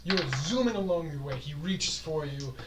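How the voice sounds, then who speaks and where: A man's voice: on the high side, expressive, normal speed, very noisy. A man narrating as game master, describing scenes step by step and laughing along with his players. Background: background fantasy music.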